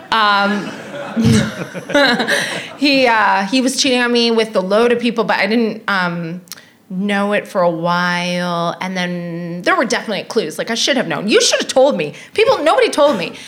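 A woman comedian chatting as a guest on stage, frank and candid, telling stories with quick asides. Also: mid-range voice, fairly bright tone. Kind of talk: casual chat. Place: live theatre stage.

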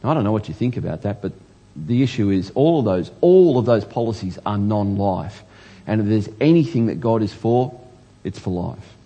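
Male preacher, sermon delivery, earnest with stammered restarts, husky and warm tone. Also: fairly low pitch, animated, moderate pace, muffled recording. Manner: earnest, stammers and restarts, rising emphasis on questions.

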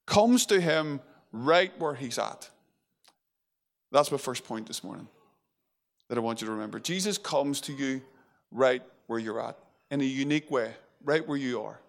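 A male preacher giving an earnest, conversational sermon, retelling scripture vividly. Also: on the high side.

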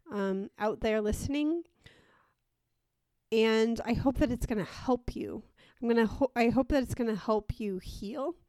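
A woman's voice: medium pitch, darkish tone, clean tone, no echo. Female podcast host, nasal and congested from a cold, earnest casual delivery, dry close sound. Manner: earnest, with frequent ums and restarts. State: stuffed-up nose from a cold. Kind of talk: casual solo podcast talk.

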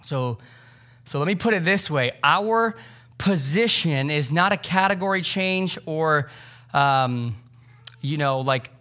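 A man in his thirties preaches a sermon in a church, speaking casually and conversationally, with plenty of filler words. His voice sits a little high for a man. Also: expressive, slow pace, sharp tone. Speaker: pastor. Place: church sanctuary.

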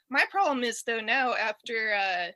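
A woman's voice: on the high side, sing-song, slow, sharp tone, no room sound. A woman in her thirties from Detroit, with a Detroit accent tinged by years in the South, telling a rambling story with frequent laughs in a casual chat. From Detroit, USA. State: allergies, clearing throat. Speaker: guest storyteller. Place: in bed at home.

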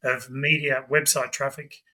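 A man, a guest, telling a lively anecdote with quick asides. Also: mid-range voice, rough recording. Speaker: guest, budgie club president. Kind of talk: animated storytelling.

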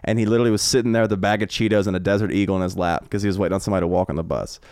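A man talking quickly through loose, profane stories in a lowish, smooth voice. He is recorded in a home podcast room with a close, dry mic. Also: steady tone, a little mellow, dry recording. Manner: rapid, rambling anecdotes with frequent profanity. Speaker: guest comedian. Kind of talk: casual podcast storytelling.

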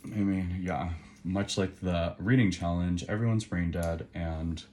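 A man's voice: low-pitched, unhurried, a little hiss or hum. A man co-hosting a podcast in casual chat, rambling and full of fillers. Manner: rambling, filler-heavy, excitable. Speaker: podcast co-host.

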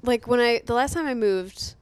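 A woman's voice: a little high, normal speed, clear, resonant tone, no room sound. A woman in her thirties, a podcast guest, chatting casually and joking along agreeably. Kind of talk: casual chat.

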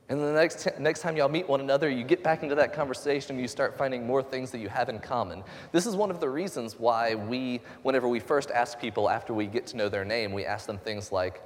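A man pastor giving a conversational sermon, relaxed and joking with lively asides. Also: mid-range voice, fast talker, few pauses. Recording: long hall reverb.

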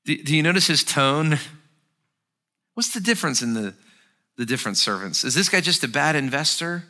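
A man preaching a sermon with a bright, forceful tone. His pitch sits a bit high and moves widely. He is expressive and acts out the text as he teaches. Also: moderate pace. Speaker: pastor.

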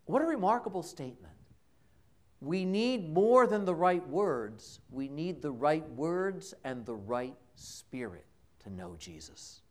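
A man's voice: fairly high pitch, big pitch swings, slow. A man preaching a homily in a church, telling the story conversationally and dramatically, with emphatic repetition. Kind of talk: sermon. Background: congregation.

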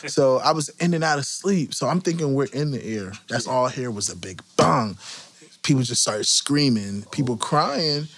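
A man guest on a casual podcast, telling stories from touring with lively, laughing delivery. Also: medium pitch, moderate pace. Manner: animated, laughs through his stories. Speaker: guest musician.

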